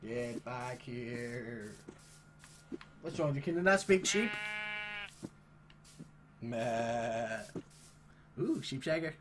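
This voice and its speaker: Excitable sweary gamer man. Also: mid-range voice, extremely slow, long pauses, noisy background. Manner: excitable, sweary, chatty, teasing the animals. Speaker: gaming channel host. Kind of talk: casual gameplay commentary.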